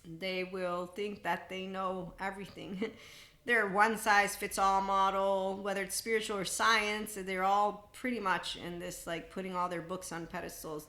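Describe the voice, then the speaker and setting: A middle-aged woman hosting a podcast, talking through a casual spiritual monologue in an animated way, often laughing and mimicking other people. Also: medium pitch, moderate pace. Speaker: podcast host.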